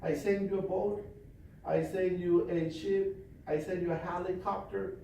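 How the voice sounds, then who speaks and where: A man's voice: high-pitched, fairly even intonation, measured pace, vocal fry, dark tone, slight background noise, voice pushed up. An exasperated heavenly gatekeeper, as a man puts him on, slightly raised and fed up, ticking off what he already gave. The voice echoes heavily across a large hall from a distance.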